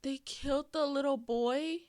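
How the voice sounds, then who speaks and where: High, emotional woman reacting. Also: a little slow, slight background noise. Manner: emotional, expressive, swears freely. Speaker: reaction channel host. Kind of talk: casual reaction commentary.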